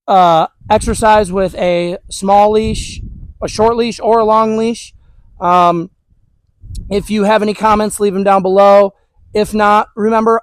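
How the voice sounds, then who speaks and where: Outdoors with his dogs, a man with a notably high voice chats his way through a training lesson in a relaxed, loose manner, sprinkling in "all right" and "you know." The casual instructional talk is recorded close and dry, with no echo and low audio quality.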